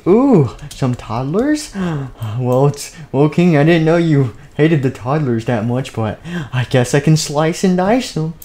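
A man's voice: a little high, unhurried, mellow, pitched above the performer's own voice, natural voice. A man voicing an eager, obliging dungeon master servant who is happy to do violent work, in a game role-play. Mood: gleeful. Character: gleeful bloodthirsty male dungeon master servant.

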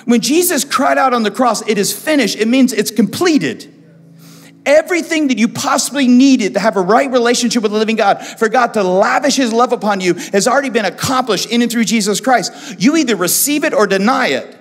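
A male pastor preaching a sermon with passion, repeating phrases, swinging from hushed tones to loud. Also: extremely high pitch, lively intonation, a little fast. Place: church hall. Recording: church hall with long reverb, soft music.

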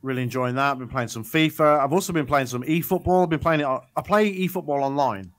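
A man's voice: mid-range voice, quick pace. A man co-hosting a gaming podcast, chatting casually and rambling with lots of restarts and ums. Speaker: podcast co-host. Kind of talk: casual chat.

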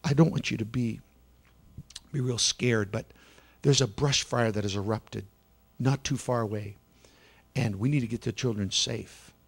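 A steady, kind-hearted farmer speaks in a quiet, reassuring way, as a preacher puts him on while telling the story. He sounds collected even under pressure, with a middle-range male voice. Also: mid-range voice, a little slow, vocal fry, long pauses, slightly rough, pitched below the performer's own voice. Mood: hushed. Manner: calm, gentle and reassuring. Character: calm, kindly farmer man, middle-aged. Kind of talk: storytelling in a church service.

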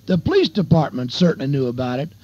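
A man's voice: fairly high pitch, sing-song, fast, darkish tone, no room sound. An older man and evangelist preaching a folksy radio sermon, telling a testimony story and calling his listeners beloved and dear friends. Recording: dull lo-fi radio broadcast.

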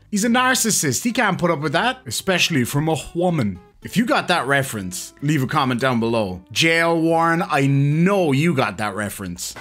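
A man's voice: fairly high pitch, lively intonation, brisk, hardly any pauses, fairly bright tone, faint music behind. A man hosting a reaction video, giving sarcastic, mocking comedic commentary.

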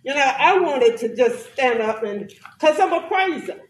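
A woman's voice: high-pitched, animated, moderate pace, slight background noise. A woman giving impromptu remarks at a church service, chatty and laughing as she talks. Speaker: congregation member speaking. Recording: echoey hall from far off, crowd behind.

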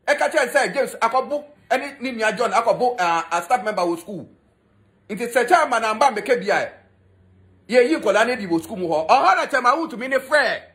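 Ghanaian guy going off on gossip, super high voice, all over the place, mocking and scolding. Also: expressive, normal speed, a bit bright. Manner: mocking, scolding, switches between Twi and English. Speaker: entertainment commentator. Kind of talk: ranting gossip commentary.

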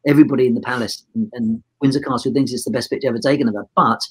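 On poor audio, a photographer in his sixties races through a meandering podcast story, voicing the other characters and starting his sentences over. His medium-pitched voice stays fairly even in intonation and has a breathy edge.

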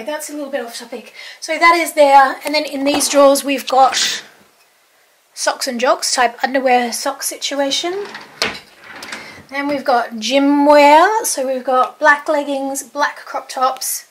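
A woman's voice: sits high, noisy background. A young Australian woman with an Australian accent giving a chatty, enthusiastic tour of her home closet, with lots of "like" and "um". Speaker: home and lifestyle vlogger. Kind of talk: casual wardrobe tour chat.

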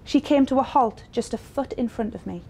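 A woman's voice: a little high, brisk, creaky, a little mellow, husky. Woman reading a story aloud. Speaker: story reader.

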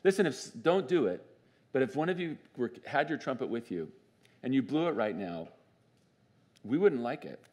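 A man preaching a sermon as pastor in a church, conversational and animated, often asking the congregation questions. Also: mid-range voice, normal speed, pauses often. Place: church sanctuary.

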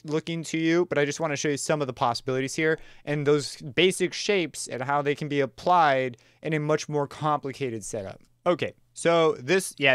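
A man teaching a casual music production tutorial, talking in a relaxed, chatty way with slang and plenty of fillers and self-corrections. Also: a little high, clear, resonant tone, no room sound, studio quality. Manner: enthusiastic, uses slang. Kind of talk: casual screen-recorded software tutorial.

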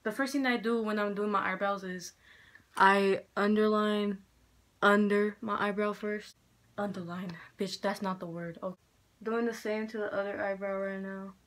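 A young woman vlogging a casual makeup chit-chat at home, frank and foul-mouthed, a little hoarse from being sick. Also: medium pitch, fairly even intonation, moderate pace, a bit bright. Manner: chatty, frank, swears a lot. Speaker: beauty vlogger. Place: room at home with poor lighting. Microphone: handheld mirror in one hand, camera fixed.

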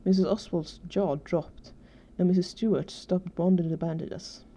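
A woman reading fan fiction aloud in a steady, even way. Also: fairly low pitch, unhurried, slight background noise. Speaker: fanfiction reader. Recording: dull lo-fi recording.

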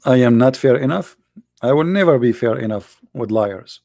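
A man's voice: medium pitch, lively intonation, moderate pace, gravelly, warm tone, no echo, studio quality. An English speaker who hosts a debate show and argues combatively and sarcastically in broken English, restarting his phrases often. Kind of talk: heated religious debate.

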